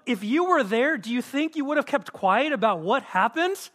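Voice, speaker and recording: A man preaching to his congregation in a church, animated, acting out quotes and asking the room questions. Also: very high-pitched, normal speed, few pauses. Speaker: pastor. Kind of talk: sermon. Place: church auditorium.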